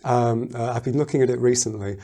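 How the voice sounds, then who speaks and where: A man teaching a piano lesson in a casual, thoughtful way, pausing often and humming rhythms aloud. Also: mid-range voice, steady tone. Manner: thoughtful, hesitant, sings and counts rhythms aloud. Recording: loud piano playing behind the voice.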